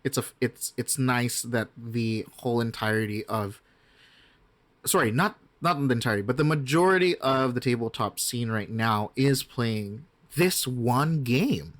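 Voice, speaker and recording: A man talking as a guest game master in a casual podcast interview, chatty, with many restarts and asides. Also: mid-range voice. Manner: chatty, frequent restarts and asides, slips into quick impressions.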